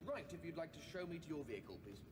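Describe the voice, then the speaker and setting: A man's voice: fairly high pitch, big pitch swings, rapid-fire, heavy background noise. An actor playing a prim, fussy male android instructor in a formal, precise manner, in a sitcom with studio audience laughter. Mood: officious. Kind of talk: 1980s TV sitcom acting.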